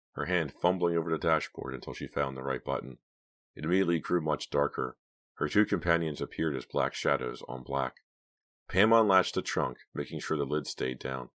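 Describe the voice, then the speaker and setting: A man narrating a novel as an audiobook, in a measured, hushed storytelling manner. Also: rumbling low. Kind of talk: scripted narration.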